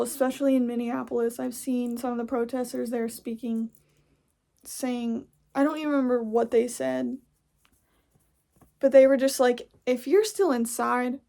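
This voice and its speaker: A woman's voice: a little high, creaky, dark tone. A young woman hosting a podcast, delivering an angry, profane, blunt monologue. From United States. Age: young adult. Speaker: podcast host. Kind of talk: casual ranting monologue.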